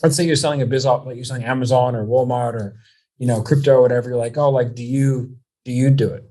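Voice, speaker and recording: A man hosting a podcast, talking quickly and energetically and acting out quoted sales exchanges. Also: mid-range voice, fairly even intonation, warm tone. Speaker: podcast host. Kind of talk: casual podcast interview.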